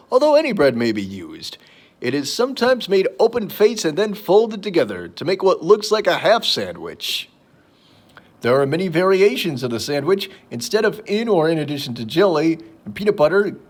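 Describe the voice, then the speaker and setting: A man hosting a podcast about daily observances, reading facts aloud and slipping into playful asides. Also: on the high side. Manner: reads aloud, then wanders into playful asides. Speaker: podcast host. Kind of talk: reading and riffing on daily holidays.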